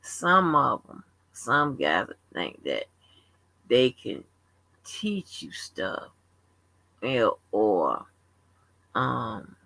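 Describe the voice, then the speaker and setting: A woman's voice: extremely low pitch, very animated, extremely slow, creaky, pauses often, pushed and bright, no room sound. A woman hosting a livestream open forum, telling stories in a blunt, profane, casual rant. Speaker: livestream host.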